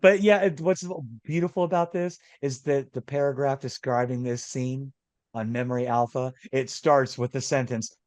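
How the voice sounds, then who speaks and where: A man co-hosting a casual podcast chat, excitable and laughing often, trailing off and restarting. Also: mid-range voice, normal speed, dry recording. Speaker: podcast co-host.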